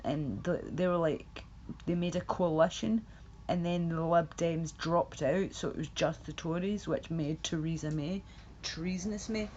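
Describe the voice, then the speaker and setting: A woman's voice: low-pitched, fairly even intonation, unhurried, a little mellow, dull audio, slight background noise. A woman hosting a livestream, chatting in a rambling, blunt way with swearing and frequent laughs. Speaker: livestream host. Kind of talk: casual ranting chat.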